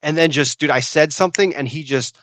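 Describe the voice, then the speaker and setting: A young adult man co-hosting a podcast, telling stories in a casual, animated way and saying "dude" a lot. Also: on the high side, fairly quick, no echo. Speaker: podcast co-host. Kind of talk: casual chat.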